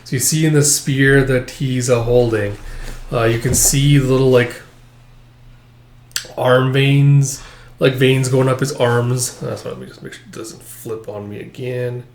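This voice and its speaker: A manga chapter reviewer speaks in a flat, darkish, mid-range voice at a measured pace. Recorded in an echoey room, he casually works through a comic chapter, rambling with plenty of filler.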